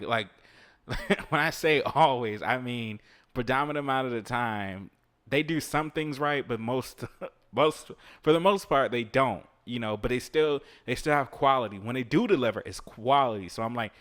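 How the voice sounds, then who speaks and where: A man's voice: medium pitch, a bit bright. Laid-back man giving casual advice. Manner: laid-back, swears and laughs, talks to listeners while playing a video game. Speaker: podcast host. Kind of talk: casual motivational monologue.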